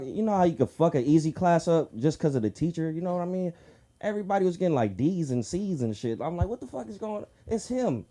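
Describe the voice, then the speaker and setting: A man works through a crude open-mic stand-up set at a comedy club. His voice swings widely in pitch, and he jumps into shrill voices to act out the characters. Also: mellow. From Southern California.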